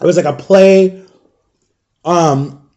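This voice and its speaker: A man in his thirties telling a personal story in a casual vlog, animated and acting out the people in it. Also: high voice, slow pace, highs cut off. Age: 30s. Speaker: storytime vlogger.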